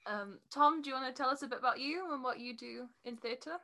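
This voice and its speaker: A young woman co-hosting a casual podcast, chatty and quick to laugh. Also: sits high, bright, forceful tone. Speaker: podcast co-host.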